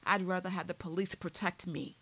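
A woman's voice: on the low side, flat delivery, brisk, fairly bright tone. A woman reading an audiobook, voicing a defiant young woman held prisoner who protests sharply and indignantly.

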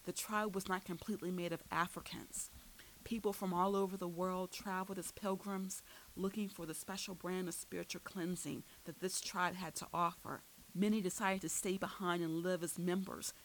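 A woman narrating a first-person story aloud, dramatic and building to loud outbursts at tense moments. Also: on the low side, poor audio. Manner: dramatic, rises sharply for shouted lines. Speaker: audiobook narrator. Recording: faint hiss.

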